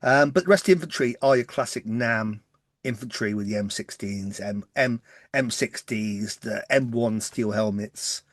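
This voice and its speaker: A man with a mild English West Country accent, co-hosting a podcast and chatting casually, talking fast when excited. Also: fairly low pitch, no echo, clean studio sound. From West Country, England. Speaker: podcast co-host. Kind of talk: casual chat.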